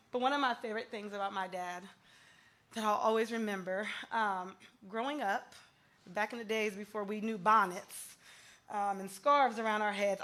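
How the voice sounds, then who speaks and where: A woman's voice: medium pitch, fairly bright tone, a little hiss or hum. A woman giving a light-hearted eulogy for her father, telling funny family stories in a storytelling manner. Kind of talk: eulogy with humorous anecdotes.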